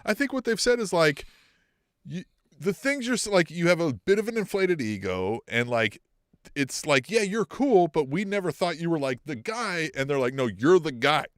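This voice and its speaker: Animated, laughing man co-host. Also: on the high side, moderate pace, no room sound, clean studio sound. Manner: animated, laughs often, swears, acts out quotes in a raised voice. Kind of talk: casual podcast chat.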